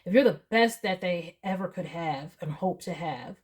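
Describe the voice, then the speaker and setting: Female tarot reader, low register, earnest and emotional, casual monologue. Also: animated, normal speed. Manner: emotional, earnest, chatty with laughs and asides.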